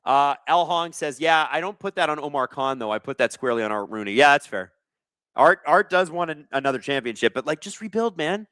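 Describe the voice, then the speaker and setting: A man's voice: on the high side, animated, brisk, a bit bright, clean tone, no room sound. A man hosting a casual live sports watch-along, reading chat aloud and joking sarcastically, with plenty of swearing. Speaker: livestream host.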